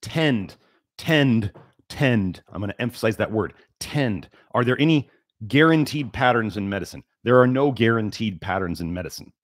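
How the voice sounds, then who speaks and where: A man's voice: fairly low pitch, fast talker, dry recording, studio quality. Emphatic man lecturing on a livestream. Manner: emphatic, repeats key words for stress. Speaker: livestream host.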